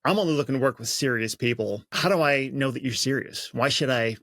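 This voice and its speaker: A man's voice: medium pitch, a little fast, a bit bright, lightly acted. A podcast host playing a wary male property seller in a sales role-play, asking blunt, skeptical questions.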